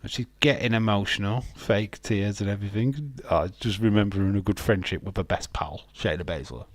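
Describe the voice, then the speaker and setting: A man's voice: fairly low pitch, brisk, hardly any pauses, no room sound. A man hosting a live wrestling watch-along, chatting casually in a sarcastic, joking way and swearing freely.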